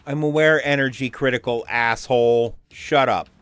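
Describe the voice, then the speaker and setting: A man's voice: mid-range voice, steady tone, moderate pace, fairly bright tone, clean tone, dry recording, soft background music. A man chatting casually while playing a video game with a friend, jokey and swearing often. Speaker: let's play co-host. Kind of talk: casual gaming chat.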